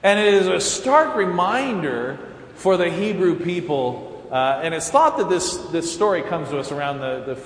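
A man's voice: high voice, expressive, measured pace. A male pastor preaching a sermon as a folksy, chuckling storyteller. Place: large church sanctuary. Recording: echoey church hall with faint room noise.

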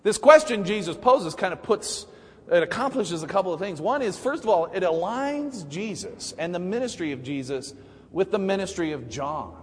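A male pastor preaching a sermon in a relaxed, humorous, conversational way, often restarting his sentences. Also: high-pitched, moderate pace, husky, in a large hall. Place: church sanctuary.

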